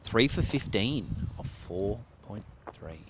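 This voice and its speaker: A man's voice: lowish voice, expressive, slow pace, heavy background noise. A man with an Australian accent doing casual live cricket commentary, joking and laughing often.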